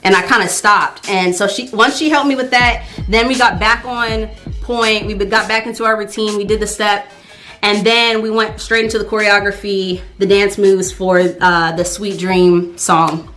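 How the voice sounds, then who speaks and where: A woman's voice: mid-range voice, steady tone, normal speed, a bit bright, soft background music. A young woman telling a casual storytime on her vlog, chatty and full of fillers. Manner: chatty, lots of fillers, acts out her own thoughts. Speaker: vlogger.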